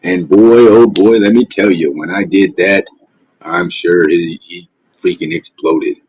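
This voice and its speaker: A man with a deep, husky voice rants on a casual livestream, cursing and mocking as he rambles. The sound is dull and lo-fi, recorded dry and close. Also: measured pace, darkish tone. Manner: profane, mocking, trash-talking. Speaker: livestream host. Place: at home, face not shown. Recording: dull, dry lo-fi stream audio.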